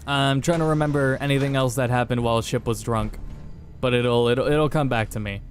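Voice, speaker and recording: A man's voice: mid-range voice, fairly even intonation, fairly quick, soft background music. A young man casually telling a rambling story while playing a game, with many fillers and restarts. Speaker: podcast host playing a game.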